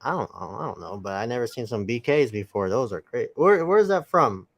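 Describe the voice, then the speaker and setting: A man from Brooklyn co-hosts a live-stream chat, laughing often and tossing out slang with excited energy. His voice sits mid-pitch and is recorded dry, close up. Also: brisk, no room sound. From New York. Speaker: co-host.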